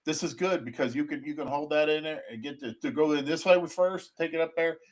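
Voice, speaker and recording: A man co-hosting a podcast, delivering a crude joking ad read with frequent laughter. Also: fairly high pitch. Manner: joking, drawn-out, laughing often. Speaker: podcast co-host.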